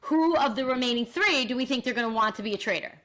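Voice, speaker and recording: A woman's voice: on the high side, fast talker. A middle-aged woman co-hosting a podcast, chatting animatedly about reality TV. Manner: animated, exaggerated, laughs often. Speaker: podcast co-host. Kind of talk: casual chat about reality TV.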